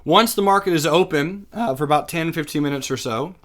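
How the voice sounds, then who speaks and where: A young adult man teaching day trading over a screen share, chatty and casual, thinking aloud with fillers and quick self-corrections. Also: fairly high pitch, fairly bright tone. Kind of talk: screen-share chart lesson.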